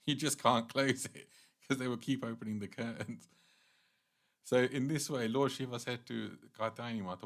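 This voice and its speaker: A man giving a casual devotional class, telling a sacred story in a conversational way with light laughs and animated asides. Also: medium pitch, normal speed. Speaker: temple class speaker.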